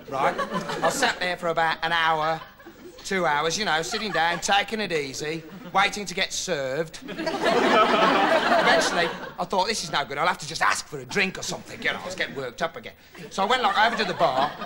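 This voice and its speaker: An actor playing a dim, rambling young male TV investigator in a sketch comedy monologue, deadpan, jumping up high when he quotes people. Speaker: comic character monologue. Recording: noisy old TV recording with loud studio audience laughter. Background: studio audience laughing.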